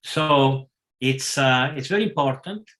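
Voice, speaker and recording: A man giving a scripture class, talking in a halting way with many pauses and self-corrections. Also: mid-range voice, animated, fairly bright tone. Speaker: class speaker.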